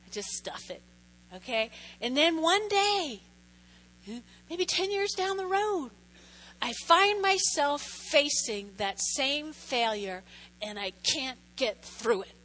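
A woman's voice: high-pitched, animated, takes it slowly, bright, forceful tone. A woman pastor preaching a sermon in a chatty way, often checking in with her listeners. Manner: chatty, keeps checking in with the audience.

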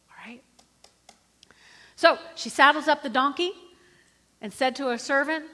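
A middle-aged woman preaching a sermon in an animated, conversational way, often calling for the congregation to respond. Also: high-pitched, moderate pace, pauses often. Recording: reverberant hall.

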